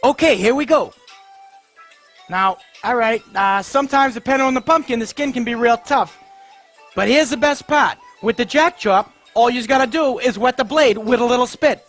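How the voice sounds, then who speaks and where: A man doing a crude pitchman. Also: normal speed, faint music behind, full character voice. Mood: brash. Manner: profane, brash, shouts in pain at mishaps. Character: crude foul-mouthed male infomercial pitchman. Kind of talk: comedy sketch parody ad.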